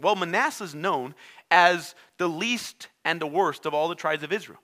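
A non-native English-speaking man preaching a sermon, telling the story in an animated way and acting out its characters. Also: on the high side, moderate pace. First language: not English.

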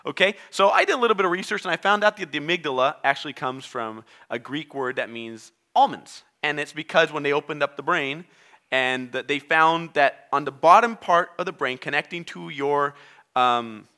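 A man's voice: fairly high pitch, animated, normal speed, sharp tone. A man preaching a sermon, a native Spanish speaker who acts out voices and quotes as he talks. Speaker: pastor.

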